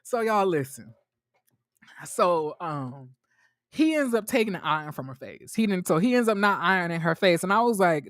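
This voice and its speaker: A man hosting a casual TV recap vlog, retelling scenes in an animated, gossipy way and acting out quotes. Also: high voice, normal speed, no echo, studio quality. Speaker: TV review host.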